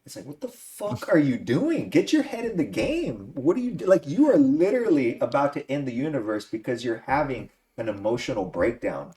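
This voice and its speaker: A man's voice: mid-range voice, big pitch swings, fairly quick, hardly any pauses, warm tone. A man hosting a podcast, ranting with exasperated profanity in a casual movie review chat. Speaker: podcast host.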